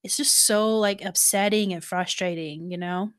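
A woman's voice: mid-range voice, steady tone, normal speed, clear, resonant tone. Thoughtful woman chatting casually. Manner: thoughtful, full of filler words. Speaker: podcast co-host. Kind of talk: casual chat recapping a TV series.

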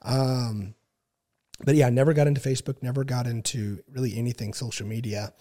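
A man in his thirties telling a long story in casual chat, with many fillers and frequent throat clearing. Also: mid-range voice, brisk. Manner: relaxed, filler-heavy, clears throat often. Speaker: podcast guest.

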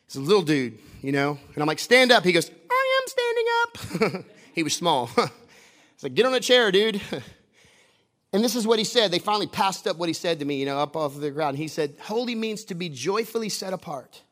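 A man's voice: a little high, animated, fairly quick, fairly bright tone. A man preaching a sermon to a congregation from a stage, passionate and emphatic, repeating phrases and at times half-singing his lines.

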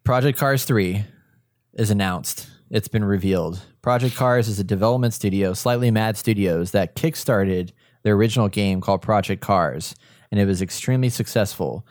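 A man's voice: on the low side, moderate pace, a little mellow, no room sound, studio quality. A man from Texas co-hosting a casual video game podcast, chatty and enthusiastic when reading the news. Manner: upbeat, enthusiastic about racing games. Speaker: podcast co-host.

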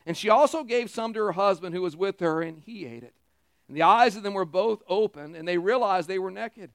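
A man's voice: high voice, a little fast, no echo, studio quality. A man preaching a sermon in a conversational way, acting out the quoted lines from the story. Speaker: pastor.

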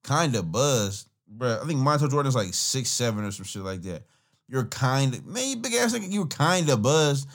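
A man's voice: medium pitch, expressive, fairly quick, a bit bright, soft background music. A man hosting a podcast, giving casual, profane, rambling commentary on songs and laughing often. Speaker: podcast host reacting to music.

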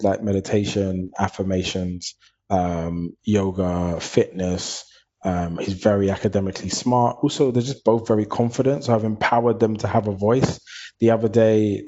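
A man's voice: lowish voice, fairly even intonation, normal speed, warm tone. A man, speaking openly and reflectively as a guest in an interview. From Hackney, London. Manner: earnest, open and reflective. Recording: dull lo-fi recording.

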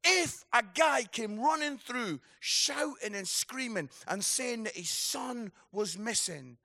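Gravelly-voiced impassioned Scottish preacher. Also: male voice, very high voice, expressive, slow pace, pushed and bright. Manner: impassioned, emphatic, repeats key phrases. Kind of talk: sermon.

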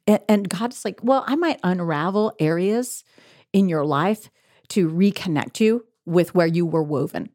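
A woman's voice: on the low side, animated, measured pace, darkish tone, no room sound, studio quality. A middle-aged woman, a guest author, earnestly telling her faith story in an interview, often breaking into laughter. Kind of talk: faith-based interview conversation.

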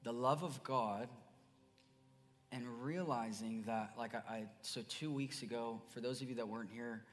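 A man preaching a sermon as pastor, earnest, dropping to soft murmurs then rising to emphatic bursts. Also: medium pitch, normal speed, faint music behind. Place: church sanctuary. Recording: church hall reverb.

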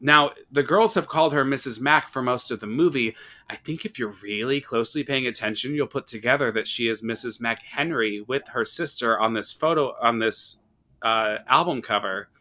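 Man, podcast host, bright voice, casual movie chat, animated. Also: mid-range voice, moderate pace. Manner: animated storyteller, acts out quotes. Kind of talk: casual horror movie discussion.

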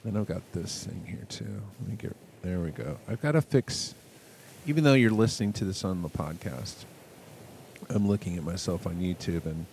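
A man hosting his own music podcast in a casual, rambling monologue, full of self-mocking jokes and sudden loud bursts of enthusiasm. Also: sits low, vocal fry, a little hiss or hum.

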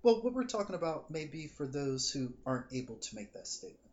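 Higher-pitched and fast-talking, the man sounds muffled, with a bit of hiss or hum. He's a psychic reader co-hosting a casual podcast, chatting and telling lively stories while acting out what people said.

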